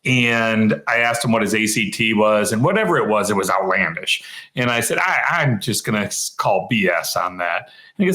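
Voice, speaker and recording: A man's voice: on the low side, animated, moderate pace, pushed and bright, reverberant. Rambling middle-aged man telling a story. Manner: rambling anecdotal storyteller, self-correcting. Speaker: interviewer, practice marketing co-founder. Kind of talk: casual storytelling interview.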